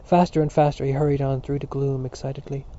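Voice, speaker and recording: A man reading a novel aloud as narrator in a measured storytelling manner. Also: mid-range voice, little pitch movement, warm tone. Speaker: audiobook narrator. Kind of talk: scripted narration. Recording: dull lo-fi recording.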